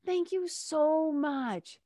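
A woman voicing a frazzled young female store clerk who sounds polite, high and sweet. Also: completely flat delivery, fairly quick, a little mellow, no echo, clean studio sound. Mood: polite, grateful.

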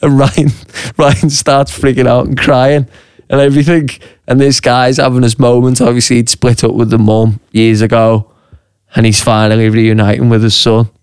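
Man spinning a lively pub yarn. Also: medium pitch, normal speed, clear, resonant tone, no echo, clean studio sound. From Liverpool, England. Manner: animated storyteller, swears freely, acts out voices. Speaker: podcast co-host. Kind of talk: casual chat, storytelling. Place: podcast studio.

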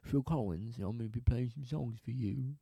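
A man's voice: medium pitch, brisk, vocal fry, mellow, breathy edge, dry recording, voice pushed down. A man doing a genteel aging British rock star. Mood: mock-polite. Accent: British put-on. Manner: mock-posh British impression.

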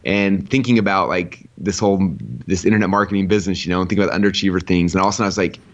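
A man in his thirties, a podcast guest who tells stories with excitement, acting out quotes in a high voice. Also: very fast, highs cut off. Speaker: podcast guest, online entrepreneur. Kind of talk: casual storytelling interview.

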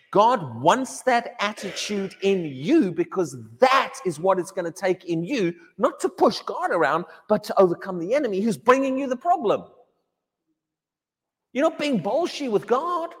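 A male pastor preaching with a high, lively voice that swings up and down as he acts out the voices he quotes. His words ring with a long reverb from the church hall. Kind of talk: sermon.

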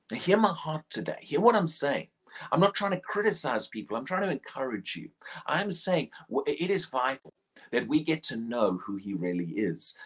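A man's voice: mid-range voice, slightly rough. A middle-aged man preaching a sermon in an earnest way, often repeating words as he starts a sentence.

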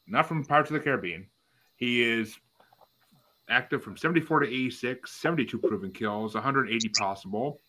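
A man's voice: mid-range voice, a little hiss or hum, poor audio. A man hosting a casual group podcast, reading out facts and asking each co-host for a vote. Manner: reads out facts, then polls each co-host.

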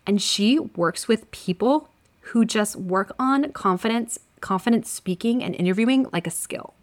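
Woman podcast host, scratchy shaky voice from a cough, upbeat and direct, coaching listeners. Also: mid-range voice. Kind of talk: casual advice podcast.

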